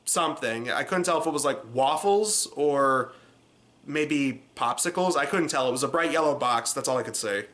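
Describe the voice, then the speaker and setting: A man reviewing a low-budget movie in a casual, sarcastic, rambling way. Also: moderate pace, fairly bright tone, slight background noise.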